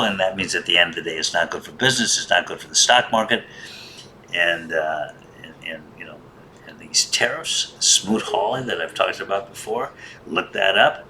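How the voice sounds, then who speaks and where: A man's voice: low-pitched, bright, forceful tone, slight background noise. A man hosting a casual monologue, rambling and wry, grumbling in a joking way. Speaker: host.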